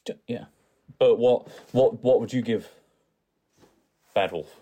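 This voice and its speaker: A man co-hosting a podcast, chatting in a relaxed, easygoing way. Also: medium pitch, slow, dull audio. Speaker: podcast co-host. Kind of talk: casual chat.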